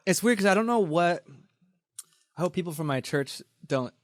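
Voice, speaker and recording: A man's voice: high-pitched, expressive, normal speed, no echo, clean studio sound. A male guest in a casual chat who talks in a laid-back, reflective way with frequent fillers.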